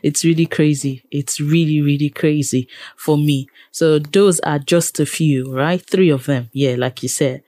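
A Nigerian woman who works as a radio presenter and programmer talks animatedly as a guest in a casual interview, repeating phrases for emphasis. Her voice is low and warm, with a steady tone, an unhurried pace and few pauses, in a dry recording.

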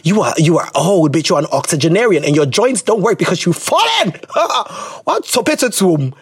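Young host, very lively pitch, dry close sound, casual and blunt. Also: fast, husky, dry recording. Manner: animated, laughing, swearing, switching into local phrases. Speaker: podcast host. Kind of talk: casual chat reading listener letters.

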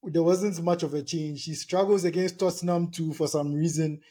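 A man hosts a casual podcast and puts a question to a guest, restarting his words as he goes. His voice sits a little high and sounds mellow and husky. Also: fairly even intonation, moderate pace. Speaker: podcast host.

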